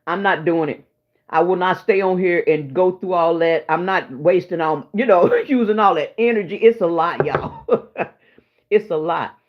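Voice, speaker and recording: A woman's voice: fairly low pitch, normal speed. A woman hosting her own livestream, chatting to viewers in a rambling, emotional way after a sleepless night. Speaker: livestream host. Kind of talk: casual livestream chat. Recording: dull lo-fi stream audio.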